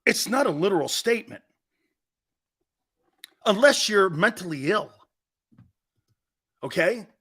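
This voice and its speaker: A man's voice: sits high, lively intonation, measured pace, long pauses, fairly bright tone, breathy edge. A man hosting a sports talk show, ranting with emphatic, combative opinions and repeating himself for emphasis.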